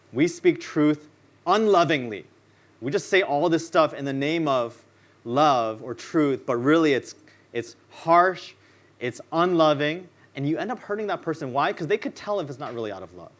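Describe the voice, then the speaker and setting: A man preaching a sermon in a relaxed, conversational way, telling personal stories and acting out what people said in them. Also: a little high. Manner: casual, conversational storytelling; acts out quoted lines in his stories. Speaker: pastor. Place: church.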